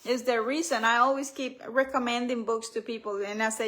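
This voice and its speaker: A woman leading a live spiritual healing reflection, speaking gently, repeating affirmations and reading aloud from her own book. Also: a little high, steady tone, normal speed. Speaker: author and healing coach.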